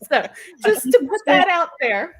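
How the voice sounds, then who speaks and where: A woman's voice: very high voice, very animated, measured pace. A woman guest author introducing herself in a bubbly, emphatic chat. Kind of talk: casual chat.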